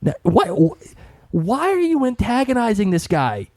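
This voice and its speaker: A young man co-hosting a podcast in casual chat, excitable and slangy, often tripping over his words. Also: high voice, measured pace, dry recording, studio quality. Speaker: podcast co-host.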